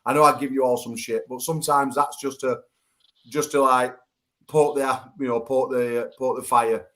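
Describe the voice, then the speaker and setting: A man's voice: mid-range voice, flat delivery, normal speed. A man hosting a casual online chat show over a video call, teasing and swearing with his guests. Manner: teasing, swearing, laughing loudly. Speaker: show host.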